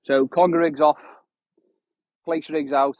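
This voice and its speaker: A man in his thirties chats unhurriedly with viewers while fishing on a windy shore, his slightly high voice keeping a level tone. His phone livestream sounds dry and tinny, with no echo.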